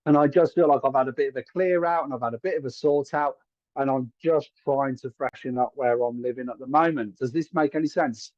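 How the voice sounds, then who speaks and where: A man's voice: medium pitch, fairly quick, a little mellow, no room sound, highs cut off. Chatty male psychic medium on a live stream. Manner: chatty, hedging, often asks if it makes sense. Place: room at home.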